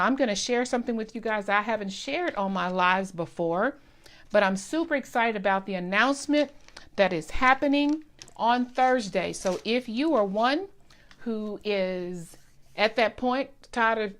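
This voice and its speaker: An excited middle-aged woman, hosting a casual live stream and talking straight to her viewers. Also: medium pitch. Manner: excited, talks directly to viewers, Southern-style "y'all". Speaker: wellness live-stream host.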